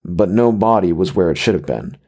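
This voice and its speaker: A man reading a horror story aloud in measured, even scripted narration. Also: sits low, breathy edge.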